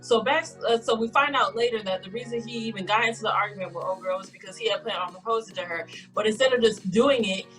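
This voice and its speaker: A woman's voice: mid-range voice, quick pace, few pauses, a bit bright, low-quality recording. Chatty woman co-host, faint music behind. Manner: rambling, acts out quoted lines in brief voices. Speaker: podcast co-host. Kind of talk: casual chat retelling a story.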